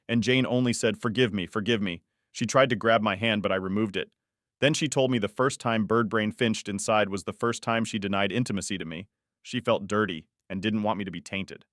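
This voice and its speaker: Deep-voiced man reading a story, dry. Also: a bit bright, no echo. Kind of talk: first-person story narration.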